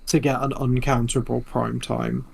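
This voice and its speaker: A man's voice: medium pitch, flat delivery, moderate pace, creaky, breathy edge. A man co-hosting casual card-game commentary, analytical and thinking aloud through each play. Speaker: co-host.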